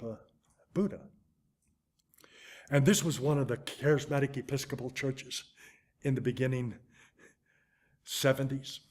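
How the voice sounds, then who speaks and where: An older man preaching a sermon, telling a story with animated, dramatic swings in loudness and pace. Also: medium pitch.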